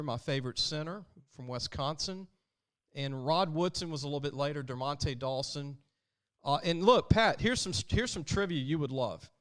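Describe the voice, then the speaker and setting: A man's voice: fairly high pitch, fairly bright tone, smooth. Chatty storytelling male podcast host. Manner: chatty storytelling, acting out quoted people. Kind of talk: casual sports talk.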